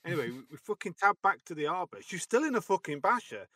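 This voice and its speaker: A man's voice: high voice, very animated, quick pace, bright, forceful tone, no room sound. Chatty young man telling army tales. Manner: chatty, sweary, laughing storyteller. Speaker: podcast co-host. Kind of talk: casual army stories chat.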